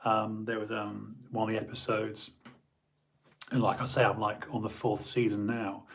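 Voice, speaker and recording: A man's voice: fairly low pitch, level tone, moderate pace, a bit bright. An English man hosting a livestream, chatting casually and rambling with lots of fillers and restarts. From England. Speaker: livestream host. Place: home.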